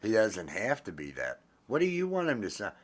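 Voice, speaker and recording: Deep-voiced man rambling affectionately. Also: huge pitch swings, a little fast. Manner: rambling and affectionate, lots of fillers and restarts. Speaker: host. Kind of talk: casual chat.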